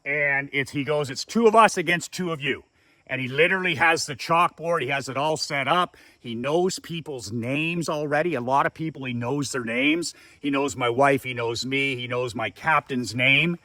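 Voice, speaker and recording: A man's voice: mid-range voice, normal speed, hardly any pauses, pushed and bright, no room sound. A man telling a story as a business coach, emphatic and fond of repeating words for effect. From Canada. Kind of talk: casual storytelling.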